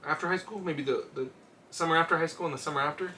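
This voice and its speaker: A man in his twenties, co-hosting a comedy podcast, telling stories in an animated, profane way. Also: fairly high pitch, racing, slight background noise. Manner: animated, profane storytelling with acted-out quotes. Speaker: podcast co-host. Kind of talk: casual chat. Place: home studio shed.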